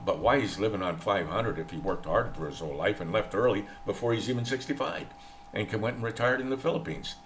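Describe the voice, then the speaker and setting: A man's voice: lowish voice, a little hiss or hum. A man from the United States, older, talking in a rambling, opinionated vlog monologue and repeating himself. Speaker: vlogger. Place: in the Philippines.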